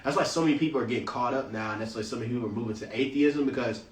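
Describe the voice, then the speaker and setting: A man's voice: mid-range voice, racing, a little hiss or hum. A man hosting a Bible study, reading scripture aloud and breaking off into loose, slangy commentary. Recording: roomy, distant from the mic.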